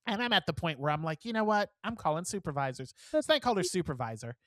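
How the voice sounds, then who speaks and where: A man in his forties, a podcast co-host, telling a long story in casual chat, animated, swearing and laughing as he talks. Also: sits high, fast, no echo, studio quality. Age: 40s.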